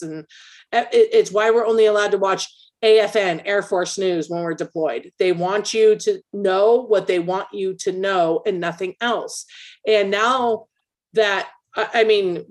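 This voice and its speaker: An opinionated woman talking through her views on a casual podcast. She pushes her points hard, with a mid-range voice and a steady conversational flow. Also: mid-range voice. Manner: emphatic, opinionated, explains at length. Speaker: podcast co-host; military veteran. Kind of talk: casual political chat.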